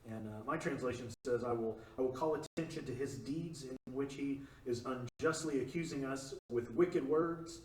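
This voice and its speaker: Man leading a church Bible study, relaxed and jokey, mid-pitched, in an echoey room with the mic set back. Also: moderate pace, few pauses. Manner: relaxed, joking, many fillers. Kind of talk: casual group Bible study discussion. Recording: echoey room, distant mic, faint noise.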